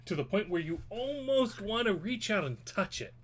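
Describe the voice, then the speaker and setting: A man's voice: high voice, big pitch swings, moderate pace. A man running a tabletop game as game master, narrating and reacting playfully. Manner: playful, theatrical exclamations.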